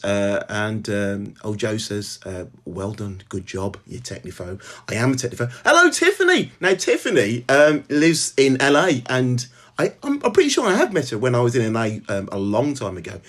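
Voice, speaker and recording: A middle-aged man with a Birmingham accent hosts a casual live stream at home, greeting viewers by name in a halting way, with lots of ums and restarts. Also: mid-range voice, big pitch swings. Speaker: author hosting a live stream.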